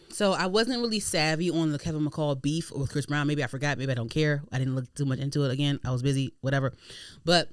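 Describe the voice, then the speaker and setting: A woman hosting a podcast in casual chat, animated and slangy, swearing freely. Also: low-pitched, clear, resonant tone, no room sound, clean studio sound. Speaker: podcast host.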